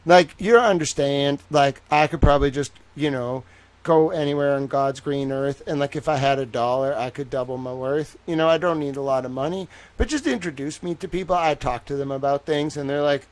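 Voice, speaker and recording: A man's voice: fairly high pitch, expressive, fairly quick. A man hosting a livestream, talking in a casual, rambling way with joking, self-mocking asides. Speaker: livestream host.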